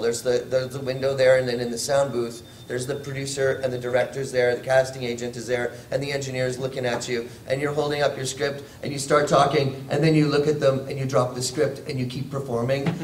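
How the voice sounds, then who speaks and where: Man, convention panel guest, rambling animated storyteller, echoey room, faint background hum. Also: mid-range voice, brisk, hardly any pauses, far from the mic. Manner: animated, rambling storyteller who laughs often. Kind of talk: casual convention panel talk. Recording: echoey hall, faint ambient noise.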